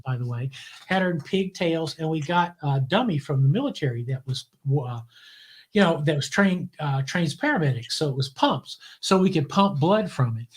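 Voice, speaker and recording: Southern guy spinning tales on a live show, bit high voice, acts out the quotes. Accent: Southern American. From Southern US, Memphis. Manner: lively anecdotal storyteller, acts out quotes. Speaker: guest, TV producer. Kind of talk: storytelling in a live interview.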